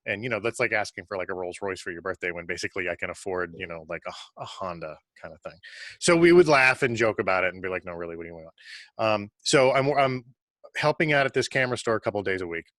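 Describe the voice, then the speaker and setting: A man who is a guest on a video call, telling an animated, casual story and using lots of "like". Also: lowish voice, fast, no echo.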